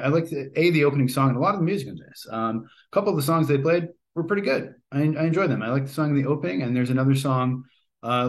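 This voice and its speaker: A man talks through a film he watched in an easy, unscripted way. He rambles, hesitates with frequent ums and uhs, and often restarts his sentences. His voice sits at an ordinary middle pitch. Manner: rambling, many fillers and restarts. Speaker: movie reviewer. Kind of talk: casual spoken movie review.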